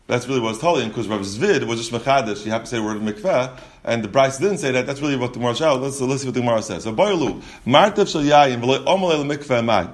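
A man's voice: mid-range voice, lively intonation, rapid-fire, few pauses. A man teaching a Talmud class, explaining step by step with frequent restarts and repeated words. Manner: explains step by step, asks and answers questions.

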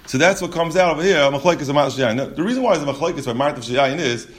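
A man's voice: a little high, lively intonation, fast talker. A man teaching a Talmud class, explaining step by step with frequent restarts and repeated words. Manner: explains step by step, asks and answers questions.

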